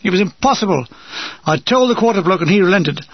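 Older man, gravelly husky voice, wry memoir reading, dull dry lo-fi recording. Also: high voice, animated, a little fast, no room sound. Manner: dry, wry comic delivery. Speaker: narrator. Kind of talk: reading a war memoir aloud.

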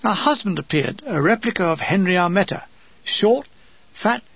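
Memoir narrator: a fairly high, husky male voice with dry, comic asides. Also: lively intonation, normal speed, dry recording, muffled recording. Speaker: narrator of his own war memoir.

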